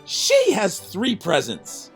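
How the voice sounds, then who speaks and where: A man voicing a spoiled young boy who shouts and mocks in a storybook reading. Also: high voice, wildly swooping pitch, takes it slowly, soft background music, voice pushed up, exaggerated voice. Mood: jeering. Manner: shouting, mocking.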